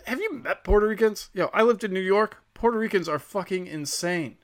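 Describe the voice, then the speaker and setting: A man's voice: high-pitched, brisk. A man hosting a casual comedic monologue, rambling, sarcastic and heavy on profanity.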